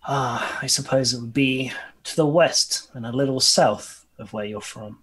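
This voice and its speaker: Husky-voiced polite male player. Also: medium pitch, a little slow, fairly bright tone, poor audio. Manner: polite, courtly in character. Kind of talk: in-character tabletop play.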